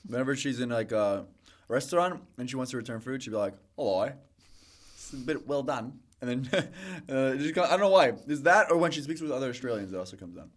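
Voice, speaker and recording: Fast chatty american guy, comedian on a podcast, mid-pitch, jokes around. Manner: chatty, jokey, animated. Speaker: comedian guest. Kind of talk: casual chat.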